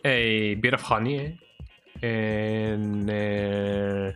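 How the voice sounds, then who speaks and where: A man's voice: lowish voice, drawn-out words, clear, resonant tone, faint music behind. A man streaming a video game, chatting in a casual, rambling way and ending many lines with "eh?". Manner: relaxed, rambling, tags lines with "eh?". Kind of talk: casual live-stream chat while gaming.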